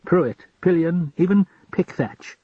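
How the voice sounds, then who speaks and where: A man's voice: high-pitched, slow, breathy edge, no echo, voice pushed up, heavily acted. A man voicing a friendly, talkative old farmer who speaks in an earnest, rambling way. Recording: dull lo-fi recording.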